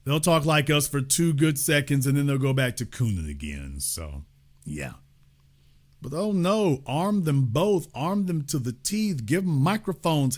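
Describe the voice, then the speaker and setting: A middle-aged man hosting a heated political monologue, emphatic and sarcastic, taunting with loud outbursts and low asides. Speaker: political commentary host.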